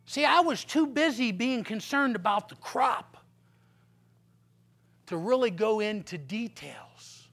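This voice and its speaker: Male preacher, unhurried sermon delivery, animated storyteller turning to quiet earnest teaching. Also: high-pitched. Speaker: pastor. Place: church sanctuary.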